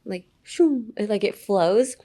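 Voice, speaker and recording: Young woman, podcast English lesson, casual and playful, repeats example words, mid-pitched voice. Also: expressive, slow pace, mellow. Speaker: podcast host teaching English pronunciation.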